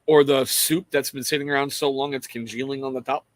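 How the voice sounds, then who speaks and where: A man's voice: mid-range voice, fairly even intonation, fairly quick. Casual rambling male livestream host. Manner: rambling, reads out viewer names, swears casually. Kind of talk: casual livestream chat with viewers.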